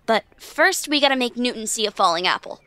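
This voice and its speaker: Molly, a bright brainy girl. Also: a little high, lively intonation, clear, resonant tone, no echo. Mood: curious. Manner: quick-witted, problem-solving. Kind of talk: children's audio drama.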